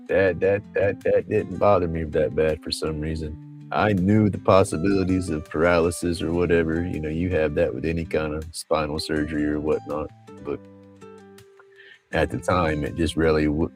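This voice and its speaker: A middle-aged man, chatting casually on a livestream, rambling and laughing often. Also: a bass voice. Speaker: livestream host. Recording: faint music behind.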